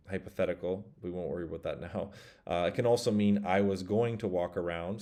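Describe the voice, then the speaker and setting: A man teaching a language lesson in a relaxed, casual way, thinking aloud and correcting himself, slowing down to pronounce the example words. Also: low voice.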